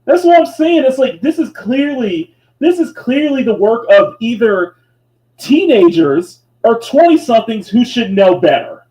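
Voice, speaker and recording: A man co-hosting a casual chat show. He gets excitable, laughs often and repeats himself when he gets worked up. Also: very high voice, measured pace, rough recording. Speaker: co-host.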